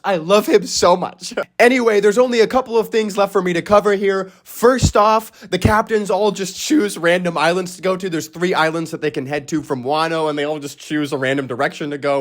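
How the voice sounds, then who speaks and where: A young man talking alone, gushing about a story he loves, with frequent swearing, stammered restarts and sudden squealing voice cracks. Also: high-pitched. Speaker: anime and manga reaction host. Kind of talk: excited solo reaction talk.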